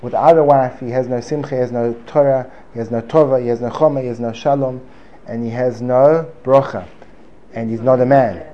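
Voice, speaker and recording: A man's voice: medium pitch, steady tone, a little fast, mellow. A man teaching an informal Torah class to a live room, joking and digressive, often repeating himself. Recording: dull lo-fi recording with faint room noise.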